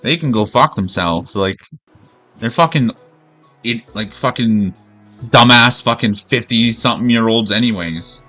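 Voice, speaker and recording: Man, gaming streamer, bright voice, profane rambling rant, faint music behind. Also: mid-range voice, a little slow. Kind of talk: gameplay commentary rant.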